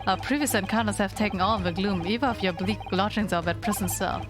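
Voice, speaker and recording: A woman doing a pompous Victorian gentleman. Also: over music, natural voice. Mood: aloof. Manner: slow, lowered, grandly polite delivery.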